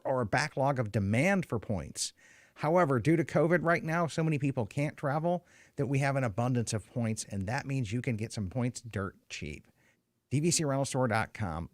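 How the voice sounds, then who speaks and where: A man hosting a podcast, reading an ad and steering the chat in a brisk, organized way. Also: medium pitch, no room sound, studio quality. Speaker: podcast host. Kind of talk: casual podcast chat and ad read.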